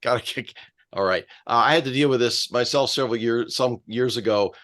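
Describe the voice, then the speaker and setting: A man on a video call sharing his own experience, halting and searching for words with many fillers. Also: mid-range voice, a bit bright. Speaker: participant.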